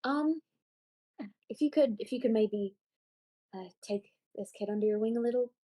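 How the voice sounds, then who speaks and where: Brief: woman playing a cat-folk adventurer in a tabletop game, gentle and teasing, near her own voice. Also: on the high side, moderate pace, close to an everyday voice. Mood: kindly.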